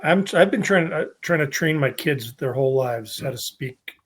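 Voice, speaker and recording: A man's voice: mid-range voice, animated, moderate pace, slight background noise. A middle-aged man from New York who once worked in radio, chatting casually and giving wry, emphatic opinions. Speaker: former radio host, podcast co-host. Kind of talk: casual chat.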